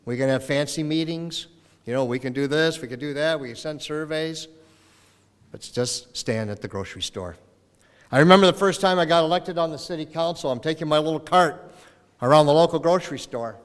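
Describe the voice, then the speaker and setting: A man's voice: on the high side, fairly quick, smooth. A middle-aged man from Minnesota giving a farewell speech as retiring mayor, telling folksy stories and acting out the voices in them. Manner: folksy storytelling, acts out voices in anecdotes. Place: council chamber in city hall. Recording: long reverb of a council chamber.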